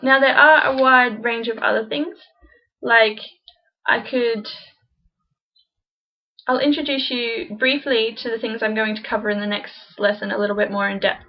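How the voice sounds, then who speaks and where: A woman teaching a casual beginner language lesson, chatty, slowly repeating example phrases. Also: on the high side, steady tone, dull audio.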